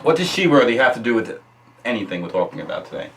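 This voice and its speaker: A man playing a crude, exasperated male police officer who bursts into loud outbursts. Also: medium pitch, big pitch swings, quick pace, distant mic, a little hiss or hum. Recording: roomy sound, away from the mic.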